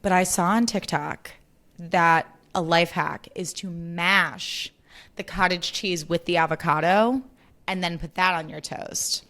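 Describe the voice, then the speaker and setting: A woman's voice: lowish voice, fairly even intonation, measured pace, fairly bright tone. Bubbly, swearing young woman podcaster. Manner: bubbly, chatty, swears freely, lots of "like". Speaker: podcast host. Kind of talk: casual solo podcast chat.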